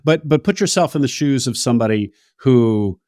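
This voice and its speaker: Male interview host, mid-pitched, halting, dry studio sound. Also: lively intonation, dark tone, no room sound. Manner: halting, restarts questions. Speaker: podcast host. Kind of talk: interview questions.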